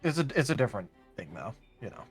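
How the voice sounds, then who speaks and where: A man chatting casually as a guest on a stream, eager and quick to jump in. His pitch sits in the middle range. Faint music plays behind. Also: very animated. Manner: eager, talks over others with asides.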